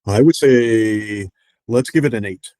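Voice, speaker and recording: A man speaking slowly and hesitantly as a client, naming his feelings with pauses. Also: lowish voice, darkish tone, no echo. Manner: slow, reflective, hesitant with ums. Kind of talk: therapy session talk.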